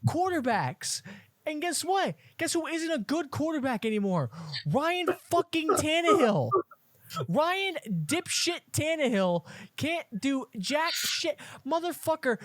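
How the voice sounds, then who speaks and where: A man's voice: extremely high pitch, sing-song, moderate pace, no echo. A young man co-hosting a sports podcast, ranting angrily and swearing constantly in casual chat. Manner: angry profane ranting. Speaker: podcast co-host.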